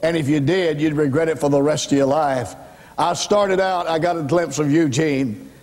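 A man's voice: a little high, normal speed, darkish tone. An older man preaching his life story as an evangelist, in a folksy storytelling manner. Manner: folksy storytelling, rising to impassioned cries. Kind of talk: testimony sermon. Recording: reverberant hall recording.

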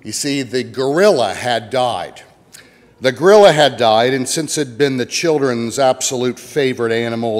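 A pastor from the American Midwest preaching a sermon, telling folksy stories with jokes. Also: male voice, mid-range voice. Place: church sanctuary. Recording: long church reverb.

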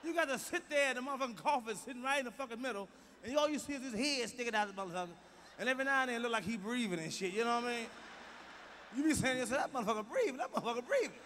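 Loud profane stand-up comic in a big hall. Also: male voice, extremely high pitch, slight background noise. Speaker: stand-up comedian. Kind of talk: stand-up comedy routine. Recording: live stage recording with hall reverb and faint ambience.

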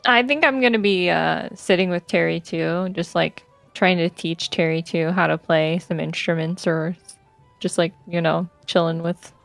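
A woman playing a tabletop game, casual and quick to laugh. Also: lowish voice, creaky, dry recording, soft background music. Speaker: player. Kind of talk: tabletop role-play.

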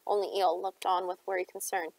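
A woman narrates a novel at an even storytelling clip, her voice showing some vocal fry at mid pitch. The recording is dry and close, with no room sound. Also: a little fast, no room sound, rough recording. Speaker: audiobook reader. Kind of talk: reading a novel aloud.

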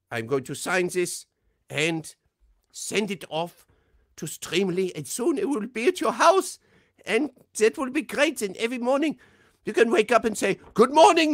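Shrill, gushing army doctor played by a man, sing-song and booming, pitch leaping all over. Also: lively intonation, a little slow, fairly bright tone, no room sound, studio quality, exaggerated voice. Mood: gleeful. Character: gleeful, overexcited male army doctor.

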